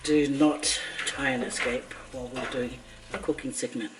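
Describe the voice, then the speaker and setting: A woman's voice: extremely low pitch, fairly even intonation, normal speed, heavy background noise. A woman vlogger cooking in her home kitchen, chatting playfully and joking with her viewers as she goes. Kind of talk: casual cooking vlog chat. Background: faint background music.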